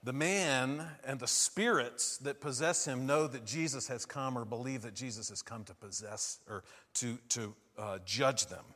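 A man preaching a sermon, asking his listeners questions and moving between hushed and loud, emphatic lines. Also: medium pitch, in a large hall.

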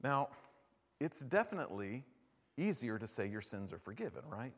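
A pastor delivers a conversational sermon in a mid-range, sing-song voice at a moderate pace, often checking in with "right?" and acting out the voices of people he quotes. The recording carries a long hall reverb.

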